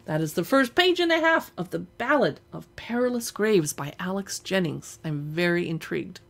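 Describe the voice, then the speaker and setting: A woman's voice: fairly low pitch, expressive, moderate pace, gravelly, few pauses. Chatty woman hosting a book stream. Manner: chatty, enthusiastic. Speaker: book channel host. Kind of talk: livestream book talk and reading aloud.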